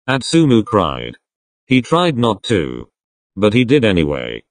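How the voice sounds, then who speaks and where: A man narrating a fan-written texting story in a plain, even storytelling way. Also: lowish voice, a little slow, no echo.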